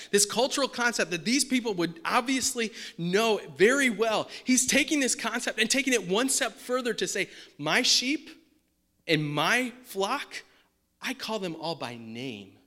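A man preaching a sermon in a conversational way, often asking his listeners questions. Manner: puts on a high excited dog-talk voice at times. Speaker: pastor.

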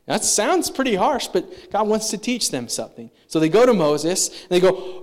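A man preaches in a relaxed, talkative way, his voice sitting a little high for a man. He now and then slips into quick acted-out voices for the people he quotes. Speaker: pastor. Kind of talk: sermon.

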